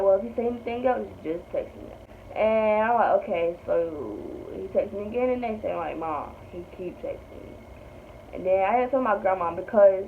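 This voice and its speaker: A young woman, telling a story in a chatty, blunt way with lots of swearing. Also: mid-range voice. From North Carolina. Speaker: vlogger. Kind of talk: casual storytime. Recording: tinny phone-like audio with faint hiss.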